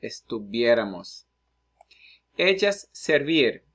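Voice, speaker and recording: A man teaching Spanish, working through practice exercises out loud and thinking aloud as he writes. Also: mid-range voice, very animated. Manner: slow, patient, thinking aloud while writing. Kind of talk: screen-recorded lesson, working through exercises.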